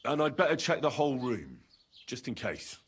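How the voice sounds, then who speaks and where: A man voicing a young healer who speaks calmly and bargains shrewdly. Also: medium pitch, moderate pace, breathy edge. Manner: calm, persuasive, shrewd.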